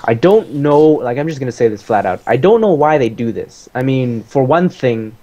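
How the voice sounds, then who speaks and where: A man casually explaining his own strategy game match as he plays it, relaxed, with many fillers. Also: medium pitch, moderate pace, lo-fi sound.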